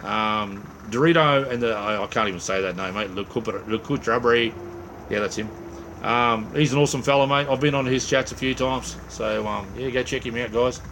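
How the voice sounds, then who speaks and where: A man's voice: mid-range voice, normal speed, a bit bright, a little hiss or hum. An Australian man hosting a late-night livestream, rambling casually to viewers with lots of fillers and friendly slang, tired from little sleep. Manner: rambling and laid-back, heavy on "mate" and "um". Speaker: livestream host. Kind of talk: casual live-chat with viewers.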